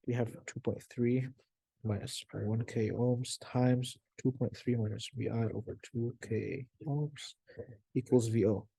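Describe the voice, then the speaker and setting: A young man talks through a circuit problem step by step, pausing on fillers and correcting himself as he goes. His voice is mellow and a little husky. It is recorded close and dry, with no room sound. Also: mid-range voice, no room sound. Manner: thinking aloud with frequent fillers and self-corrections. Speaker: tutor.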